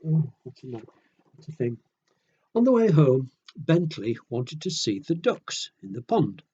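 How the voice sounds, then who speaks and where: A man reading picture books aloud to children in a gentle, chatty way, often asking the listener questions. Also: a little high, sing-song, unhurried, breathy edge, lo-fi sound. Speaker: children's storyteller.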